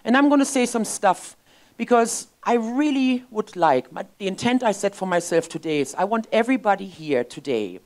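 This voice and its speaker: A woman in her fifties giving an emotional, expressive inspirational sermon as a spiritual speaker in a church. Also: medium pitch, normal speed. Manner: expressive, emotional, lively storytelling. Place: church sanctuary.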